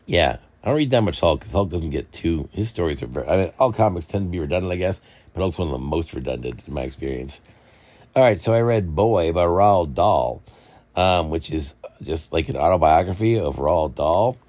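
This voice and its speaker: A man's voice: low voice, a little fast. A young man hosting a casual book chat, rambling and joking as he tells stories. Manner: rambling, jokey, lively storytelling. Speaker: book channel host.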